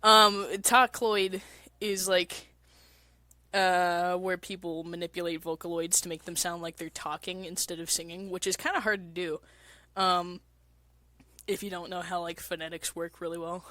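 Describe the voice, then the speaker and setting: A woman's voice: on the low side, level tone, moderate pace, bright, forceful tone, no room sound. A woman with a congested, mucusy throat, chatting casually on a stream, crude and rambling. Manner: crude, swears often, rambling with fillers. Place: basement apartment.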